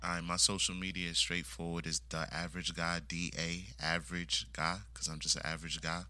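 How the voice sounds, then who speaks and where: A man's voice: deep voice, little pitch movement, brisk, sharp tone, clear, resonant tone. A man appearing as a podcast guest, chatting in a laid-back, slangy way. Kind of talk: casual podcast chat.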